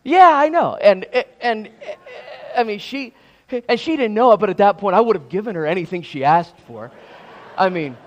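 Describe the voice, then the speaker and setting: A man preaching a sermon in a church sanctuary, his voice sitting a little higher than most men's. He stops and restarts often and repeats words as he works toward a point. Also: animated, moderate pace, muffled recording. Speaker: pastor.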